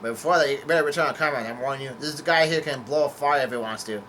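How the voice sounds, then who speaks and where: A man reading the lines of a brash young male pirate aloud in a raised, excited voice. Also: medium pitch, quick pace, a little hiss or hum, natural voice. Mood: blustering.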